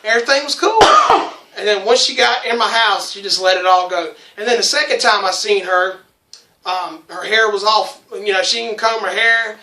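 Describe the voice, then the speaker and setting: A man's voice: sits high, normal speed, sharp tone, slight background noise. A man hosting a casual podcast who tells crude stories, rambling and laughing as he goes. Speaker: podcast host. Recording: echoey, distant room mic.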